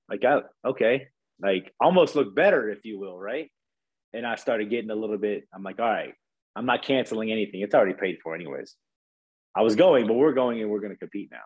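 A man with a fairly low, husky voice recounts his past in a frank, conversational way. He gets emotional as he talks, curses freely and keeps checking in with "right?". It sounds like a candid podcast guest. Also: rough recording. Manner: emotional, frank, swears casually, says "right?" often.

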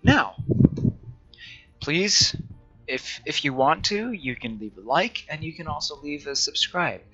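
Casting: male gamer, rambling self-deprecating commentary, bright voice, unhurried delivery, faint music behind. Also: fairly high pitch, very animated, husky, dull audio. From United States. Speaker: gaming channel host. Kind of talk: let's play commentary.

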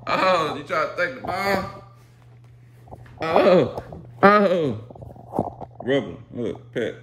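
Slow, lively young man, noisy home clip. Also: on the high side. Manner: playful, coaxing, laughs often. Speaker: vlogger. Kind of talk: casual home vlog, talking to kids and dogs. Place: home kitchen.

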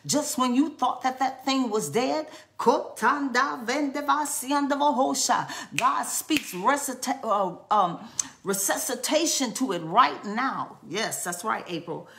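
A woman's voice: fairly high pitch, lively intonation, a little slow, vocal fry, a bit bright. Fervent woman preacher, speaking in tongues. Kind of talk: charismatic sermon.

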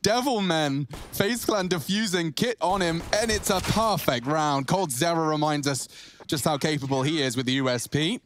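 A man casting a live esports match with energetic play-by-play and joking banter. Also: on the high side, moderate pace, a little hiss or hum. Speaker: esports caster.

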